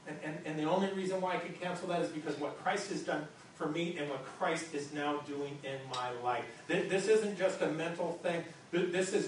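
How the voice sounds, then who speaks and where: A man's voice: fairly high pitch, moderate pace. Man preaching in an echoey hall. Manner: conversational, stammering restarts and repeated words. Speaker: pastor. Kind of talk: sermon. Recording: very echoey hall, distant mic, faint noise.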